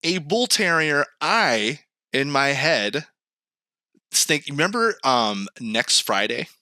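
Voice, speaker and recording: A man co-hosting a podcast in casual chat, animated and swearing, who acts out quoted lines. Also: fairly high pitch, slow, no echo, studio quality. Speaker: podcast co-host. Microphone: remote call mic, screen sharing.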